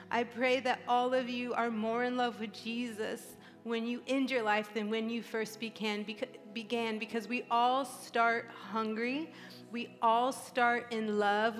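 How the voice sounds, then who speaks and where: A woman in her forties preaches with raw emotion, her slightly high voice close to tears. She speaks on a stage mic in a large church, with a long hall reverb and soft music underneath. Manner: emotional, tearful, earnest preaching. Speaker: pastor. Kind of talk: sermon.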